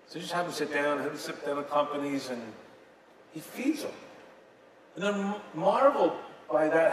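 A man preaching a sermon, retelling scenes dramatically, with sudden swings between loud and soft. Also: on the high side, expressive, normal speed, pauses often, a little hiss or hum. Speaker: pastor. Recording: echoey hall from a distance, faint ambience.

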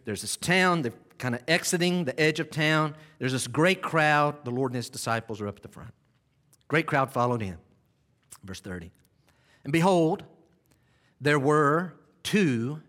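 A man preaching an expository sermon, talking listeners through a scene, repeating and restarting phrases and drawing out key words, with sudden loud cries when he acts out the scene. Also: mid-range voice.

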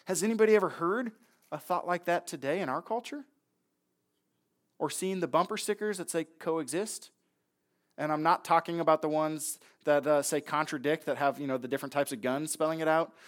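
A man preaching a sermon in a conversational way, acting out the voices of people in the story. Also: high-pitched. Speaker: pastor.

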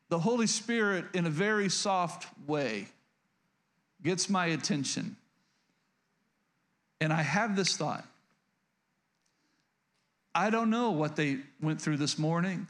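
A man's voice: fairly high pitch, fairly bright tone. A man preaching a sermon as pastor, speaking earnestly and confessionally, often restarting and asking the congregation questions.

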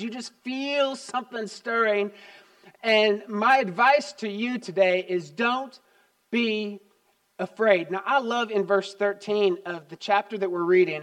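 High-voiced grandfather preaching a sermon. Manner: storytelling, dynamic swings from loud emphasis to quiet asides. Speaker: pastor.

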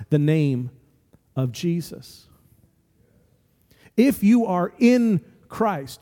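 A man's voice: on the high side, dark tone. Preaching man in a reverberant hall. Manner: storytelling with emphatic, rising exhortations. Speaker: pastor. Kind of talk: sermon.

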